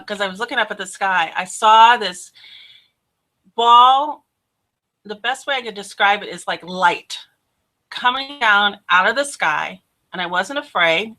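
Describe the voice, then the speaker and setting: A woman hosting her own show, telling a personal testimony in an animated way, laughing often and acting out what people said. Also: medium pitch. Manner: animated, laughs often, acts out quoted voices. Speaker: host.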